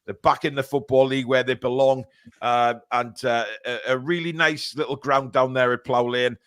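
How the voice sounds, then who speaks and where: A man's voice: mid-range voice, steady tone, moderate pace, fairly bright tone, no echo, studio quality. A man from England hosting a live football fan stream, chatting casually with many fillers and reading out viewer comments.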